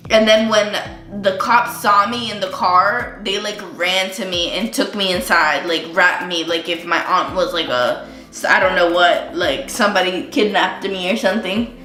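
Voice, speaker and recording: A young woman chats through a casual storytime while doing her makeup at home, filling every pause with likes and ums. Her voice is bright, and she says she is feeling sick. The room rings with echo, and faint music plays underneath. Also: fairly low pitch. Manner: chatty, lots of likes and ums. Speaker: vlogger.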